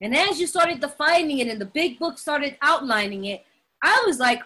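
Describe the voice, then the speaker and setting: A woman with a high, bright voice tells her personal story in an animated and dramatic way, stressing her words and laughing often. She speaks straight to her listeners, as at a recovery meeting. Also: normal speed. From Latin American heritage. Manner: laughs often while talking. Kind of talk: personal testimony talk.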